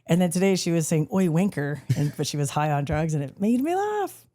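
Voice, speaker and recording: A woman co-hosting a casual couple's podcast, her fairly low voice swinging widely in pitch. She talks in an animated way, laughs often and swears casually, and she sounds sore. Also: fairly quick. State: sore back. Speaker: podcast co-host.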